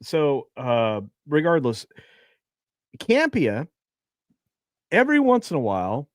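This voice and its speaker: A man's voice: a little high, wildly swooping pitch, slow, no echo, studio quality. A man co-hosting a casual online pop culture show, rambling and hesitating with many fillers. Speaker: podcast co-host. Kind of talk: casual panel chat.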